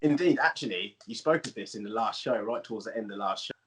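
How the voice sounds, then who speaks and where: A man's voice: fairly low pitch, expressive, fast. A man in a reflective, casual podcast chat who keeps checking in with his listener. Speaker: podcast co-host.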